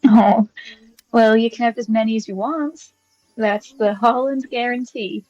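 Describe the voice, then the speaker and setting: A woman's voice: on the high side, fairly even intonation, measured pace, warm tone, no room sound, muffled recording, faint music behind. A woman with a British accent playing an upbeat, always-hungry rabbitfolk paladin in an eager way. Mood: warm.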